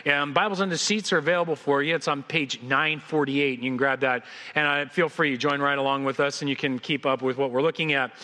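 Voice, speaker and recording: High, bright-voiced man preaching a sermon. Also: big-room sound. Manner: conversational and joking, with frequent restarts. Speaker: senior pastor. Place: church sanctuary.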